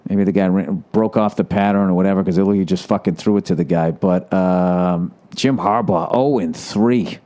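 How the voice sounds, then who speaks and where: A man riffs through a solo podcast rant, cursing constantly with a sarcastic edge. His voice has a warm, dark tone, and he sounds riled up. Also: sits low, fairly even intonation, a little fast, hardly any pauses. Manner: profane, ranting, sarcastic; riled up about sports. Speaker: podcast host.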